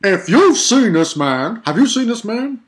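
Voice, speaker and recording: A man's voice: high-pitched, big pitch swings, measured pace, voice pushed up. A man doing a solemn TV crime-show announcer. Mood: mock-urgent.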